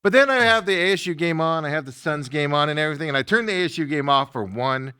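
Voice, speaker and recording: A man hosting a sports talk show, ranting casually, laughing often and mocking people with quick impressions. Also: a little high, expressive, pushed and bright, smooth, no echo, clean studio sound.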